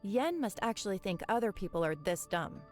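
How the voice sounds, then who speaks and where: An actress voicing a sharp, dry-witted woman investigator in a video game, with a sarcastic, wry delivery. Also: medium pitch, sing-song, brisk, faint music behind, lightly acted. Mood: sardonic.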